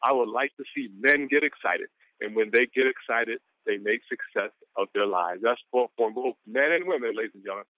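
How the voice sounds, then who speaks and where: A man presenting on a motivational conference call, excitable and whooping between quotes. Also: mid-range voice, brisk, dry recording. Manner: excitable, hollers woo. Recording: tinny phone line.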